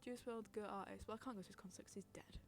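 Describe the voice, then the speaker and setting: A woman's voice: medium pitch, fairly even intonation, quick pace, soft background music. A young woman hosting a casual chat podcast on stream, rambling, giggling and reading out chat messages.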